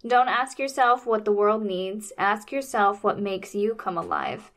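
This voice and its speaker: A woman co-hosting a laid-back podcast, reading quotes aloud and chatting about them in a middle-pitched voice. She talks like a busy parent among friends, casual and unhurried. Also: fairly bright tone. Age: adult parent. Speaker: podcast co-host.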